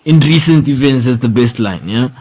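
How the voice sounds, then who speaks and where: A man's voice: medium pitch, animated, normal speed, a little mellow, rough recording. A young man hosting a sports podcast, rambling in casual talk, swearing freely and saying "bro" and "dude" a lot. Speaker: podcast host.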